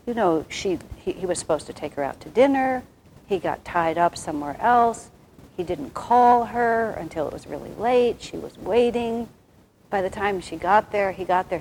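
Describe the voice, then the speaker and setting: Soft-voiced woman, spiritual teacher type, wordy and meandering, mid-pitched. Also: slight background noise, poor audio. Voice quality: soft-spoken. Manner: wordy, rambling, with many restarts. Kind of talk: reflective spiritual talk to an audience.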